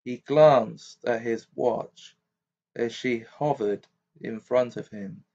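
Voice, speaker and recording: A man's voice: medium pitch, slow, vocal fry, dark tone. A man narrating an amateur audiobook, reading steadily with occasional stumbles. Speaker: audiobook reader. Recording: dull lo-fi recording.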